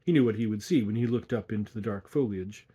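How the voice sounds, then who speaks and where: A man reading a ghost story aloud in slow, measured narration. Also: on the low side, warm tone, slightly rough. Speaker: audiobook reader.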